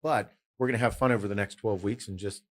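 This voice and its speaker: A middle-aged man with a low, husky voice talks loosely on his podcast. He gets animated and swears freely, telling stories and acting out what other people said. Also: fast talker. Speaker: podcast host. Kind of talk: casual podcast chat.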